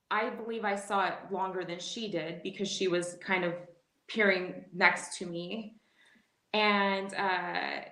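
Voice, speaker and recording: A woman in her forties, a guest telling a personal story in a casual interview, animated and quick to laugh, often restarting her sentences. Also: medium pitch. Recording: echoey room.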